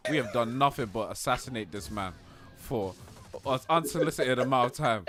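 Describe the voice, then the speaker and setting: A man hosting a casual stream chat, animated and laughing often, his voice jumping up when amused. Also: mid-range voice, normal speed. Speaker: streamer host.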